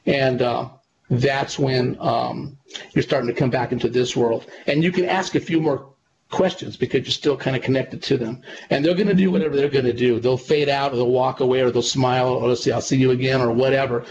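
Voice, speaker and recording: This man is a psychic medium guest in a casual interview, telling long, earnest, rambling stories full of fillers and restarts. His mid-range voice is steady and brisk, with a crowd audible behind him. The recording is dull and lo-fi, with clear background noise.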